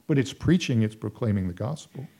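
A man's voice: on the low side, lively intonation, brisk, dark tone, breathy edge. A man preaching a sermon, telling stories earnestly and repeating phrases for emphasis.

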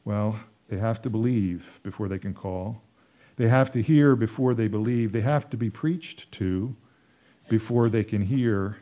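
Man, preacher, sermon, earnest storytelling, repeats phrases, warm dark tone. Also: fairly low pitch, measured pace.

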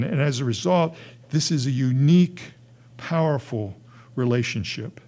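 A man delivers a sermon in an earnest pastoral voice at a middling pitch. He swings between rising, emphatic peaks and quiet, hushed asides. His phrasing is conversational and full of restarts. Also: unhurried.

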